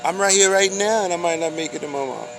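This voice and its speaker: A man's voice: sits high, fast talker, a little hiss or hum, rough recording. A man giving a loose, slangy street monologue, preaching and firing off rhetorical questions.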